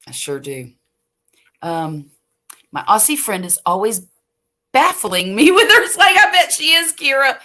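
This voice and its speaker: An older woman from the US Gulf Coast talks at an unhurried pace in a clear, bright voice. She hosts a late-night stream from home, rambling between viewer comments and laughing easily. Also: a little high, very animated. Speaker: late-night livestream host. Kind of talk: casual chat reading viewer comments.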